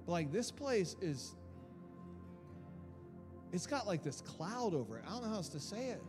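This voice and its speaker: A man preaching a sermon with impassioned delivery, repeating phrases as he builds from quiet to loud. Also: sits high, big pitch swings, moderate pace. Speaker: pastor. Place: church hall. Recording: long hall reverb with faint music.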